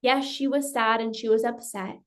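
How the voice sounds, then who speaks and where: A woman's voice: fairly high pitch, steady tone, normal speed, fairly bright tone. A woman coach giving an emphatic motivational talk, often acting out her client's thoughts and repeating phrases for effect.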